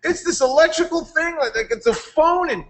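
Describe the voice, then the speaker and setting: A man's voice: extremely high pitch, normal speed, slight background noise, voice pushed up. A man imitating a friend who gushes about a new business venture. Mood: hyped. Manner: shouting, breathless hype. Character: overexcited young man pitching a new company.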